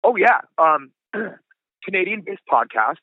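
A man's voice: high voice, sing-song, a little slow, no room sound. A man in his forties, a punk singer as guest, telling stories in a laid-back way, saying dude and like a lot. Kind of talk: casual storytelling chat. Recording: tinny phone-like line, dry.

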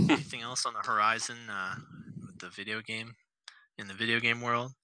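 A man co-hosting a podcast in casual chat, joking, laughing often and halting over fillers. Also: mid-range voice, steady tone, pushed and bright, clear, resonant tone, dry recording. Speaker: podcast co-host.

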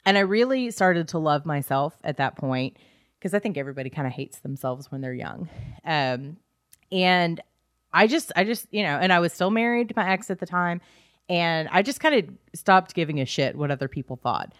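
Woman in her thirties, low voice, dry close mic, candid casual podcast chat, laughs often. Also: expressive, moderate pace, no echo. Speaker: podcast co-host.

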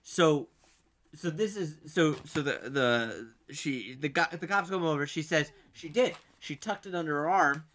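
A young man with a high, bright voice spins a story for his co-host in an animated, casual podcast chat. He acts out the other people's lines as he goes. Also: a little slow, a little hiss or hum. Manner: animated storytelling with acted-out quotes and frequent laughs.

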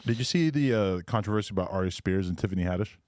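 A man hosting a casual podcast, relaxed as he asks questions and reacts. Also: sits low, fast talker, dry recording, clean studio sound. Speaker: podcast host. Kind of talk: casual chat.

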